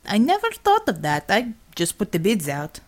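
A woman's voice: mid-range voice, wildly swooping pitch, normal speed. A woman voicing a harried male building liaison who talks in a defensive, matter-of-fact way.

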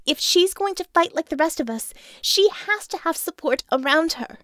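A woman voicing a firm, caring female leader in a storybook, persuasive and steady. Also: very high-pitched, moderate pace, dry recording, studio quality, pitched above the performer's own voice.

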